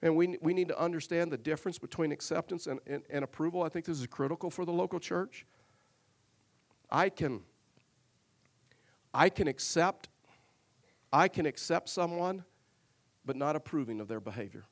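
A man's voice: a little high, moderate pace, pauses often. A male pastor preaching a sermon, telling a personal story earnestly and with humor, often repeating words as he goes.

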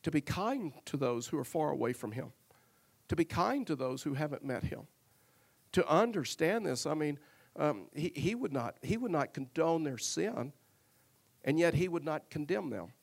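A man's voice: on the high side, very animated, normal speed, vocal fry. A male pastor preaching a sermon, telling a personal story earnestly and with humor, often repeating words as he goes.

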